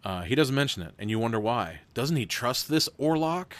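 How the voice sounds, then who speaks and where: A man's voice: medium pitch, big pitch swings, a little fast. A man hosting a live stream, reading an interactive adventure book aloud with rambling, self-deprecating asides. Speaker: game host reading a gamebook.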